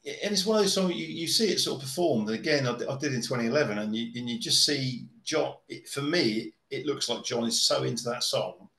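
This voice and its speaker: A man's voice: medium pitch, expressive, brisk, gravelly, hardly any pauses, a bit bright. A man chatting casually as a podcast guest, hesitant, with lots of restarts and ums. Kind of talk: casual chat. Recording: echoey room.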